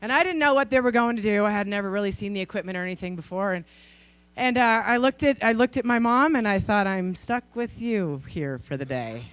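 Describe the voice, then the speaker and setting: A woman in her forties from Idaho giving a conference keynote, telling stories in a lively way and acting out the people in them. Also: fairly high pitch, fast talker, clean tone, no echo. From Idaho, USA. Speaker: keynote speaker. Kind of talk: storytelling speech. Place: conference stage.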